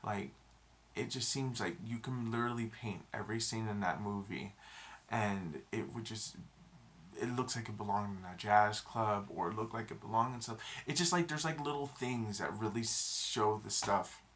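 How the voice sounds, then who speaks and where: Rambling young man with a gravelly voice. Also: on the low side, normal speed, fairly bright tone, a little hiss or hum. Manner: rambling, emotional, many fillers and restarts. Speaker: vlogger. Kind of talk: casual movie review.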